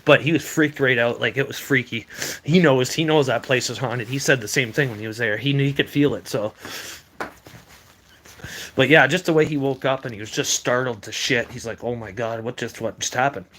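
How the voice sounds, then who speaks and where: A man's voice: medium pitch, moderate pace, fairly bright tone. A young man casually recounting strange experiences, rambling with lots of fillers and swearing. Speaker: paranormal video creator. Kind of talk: casual storytelling.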